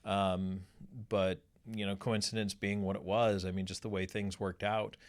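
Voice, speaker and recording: A man's voice: on the low side, level tone, normal speed. A man, a former hockey player and color commentator, reminiscing in an interview with frequent restarts and fillers.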